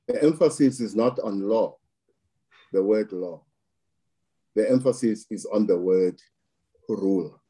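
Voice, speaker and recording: A man giving measured political commentary, slow and deliberate, stressing words through repetition. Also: fairly low pitch, warm tone, breathy edge. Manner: slow, deliberate, emphatic with repeated phrasing.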